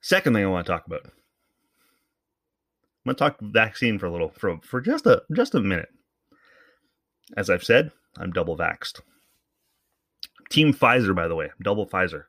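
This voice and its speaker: A man's voice: low-pitched, very animated, normal speed, long pauses, fairly bright tone, no echo, clean studio sound. A man hosting a podcast, giving casual, rambling commentary in a sarcastic, profane way. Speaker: podcast host.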